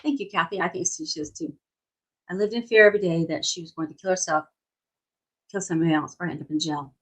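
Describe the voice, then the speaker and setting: A woman's voice: on the low side, fast, poor audio. A middle-aged woman, a hypnotherapist, talking casually on a home livestream and telling a story, often checking in with "right?". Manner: chatty, tells stories, asks "right?". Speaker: hypnotherapist and nutrition coach. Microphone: phone or webcam.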